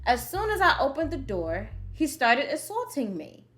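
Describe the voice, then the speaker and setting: A woman's voice: sits high, wildly swooping pitch, normal speed, a bit bright, pitched above the performer's own voice, full character voice. A woman reading aloud plainly as an aggrieved male victim giving his statement in a game.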